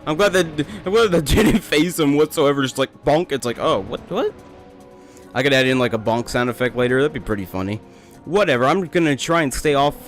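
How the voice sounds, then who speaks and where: Rambling young man playing a game. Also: medium pitch. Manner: rambling, joking, talks to the game. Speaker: let's play host. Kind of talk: casual gameplay commentary.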